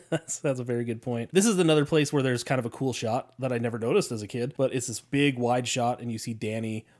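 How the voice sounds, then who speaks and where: A man co-hosting a casual podcast chat, recapping a movie with swearing, laughter and quick acted-out lines. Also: mid-range voice, darkish tone. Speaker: podcast co-host.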